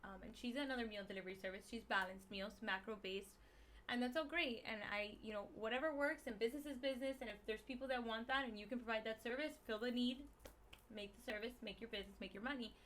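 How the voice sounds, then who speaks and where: A woman with a Miami Spanish-English accent, a guest explaining diet in a casual podcast chat, animated and emphatic with slang. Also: a little high, fast, slight background noise. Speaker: guest, keto meal business owner.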